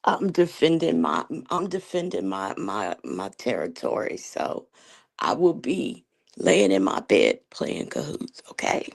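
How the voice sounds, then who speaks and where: Gravelly, husky woman trash-talking. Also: extremely low pitch, big pitch swings, measured pace. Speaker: panel guest. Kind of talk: casual livestream banter.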